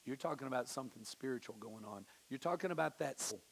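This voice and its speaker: A man preaching a sermon in church, casual and conversational, acting out the people he quotes with big swings in pitch. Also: expressive, fast, vocal fry. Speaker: pastor. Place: church sanctuary.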